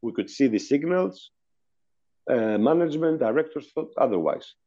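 A man recounts an old work story in a loose, chatty way, laughing now and then. His voice is mellow and relaxed. The call audio sounds dull and muffled. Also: mid-range voice, moderate pace. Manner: chatty, laughs between anecdotes. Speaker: hotel industry guest telling a story. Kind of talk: casual storytelling on a video call.

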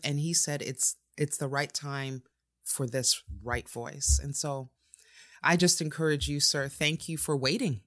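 A woman's voice: low-pitched, measured pace. A woman hosting a podcast, crying as she speaks in an effusive, tearful way. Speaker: podcast host. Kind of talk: emotional podcast chat.

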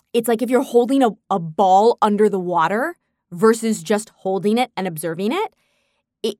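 A woman's voice: mid-range voice, no room sound. Candid woman telling her story, dry sound. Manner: candid, animated when quoting herself, laughs often. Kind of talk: casual personal storytelling.

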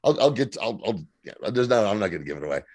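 A man in his thirties co-hosting a casual podcast, recapping a TV episode in an animated, profane way and slipping into quick mock voices. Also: fairly low pitch, dry recording. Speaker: podcast co-host.

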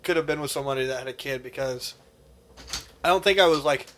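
A man's voice: mid-range voice, fast, fairly bright tone, slight background noise. A young man co-hosting a podcast, chatting casually in an earnest, rambling way full of fillers. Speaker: podcast co-host. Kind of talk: casual chat.

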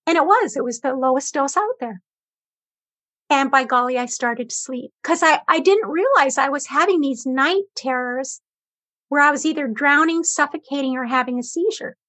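This talk show guest is a woman recounting her cancer experience, telling it earnestly and conversationally with quoted exchanges. She speaks at a moderate pace in a high, fairly bright voice, recorded without echo.

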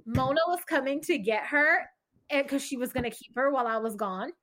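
Woman, high voice, bright tone, candid profane storyteller, casual podcast chat. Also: brisk. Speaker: podcast co-host.

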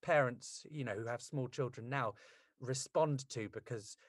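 A man hosting a podcast, chatting with a guest in an animated, gushing, theatrical way. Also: medium pitch, unhurried, slightly rough, no room sound, studio quality. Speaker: podcast host. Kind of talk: casual interview chat.

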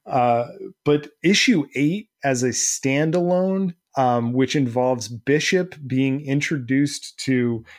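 A man's voice: mid-range voice, takes it slowly. A man co-hosting a comic book podcast, talking casually and rambling as he hunts for the right words. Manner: rambling, many fillers and restarts. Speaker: podcast co-host. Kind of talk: casual chat.

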